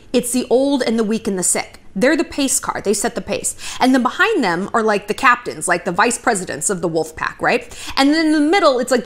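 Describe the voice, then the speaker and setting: Animated chatty woman giving advice. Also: fairly high pitch. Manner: chatty, swears freely, lively storytelling asides. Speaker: commentary vlogger giving dating advice. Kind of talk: casual direct-to-camera advice talk. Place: home near a river, outside noise.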